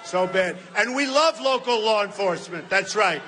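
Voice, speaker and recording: A man's voice: sits high, lively intonation, normal speed, few pauses, background noise. A man in his sixties giving an off-the-cuff campaign rally speech to a large hall, emphatic and repetitive, often talking straight to the crowd. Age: 60s. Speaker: political candidate.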